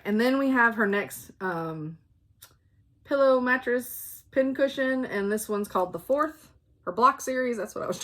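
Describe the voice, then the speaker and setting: A woman's voice: mid-range voice, vocal fry, fairly bright tone. A woman hosting a casual show-and-tell chat about stitching, laughing often and stopping to talk to her dogs. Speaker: flosstube host.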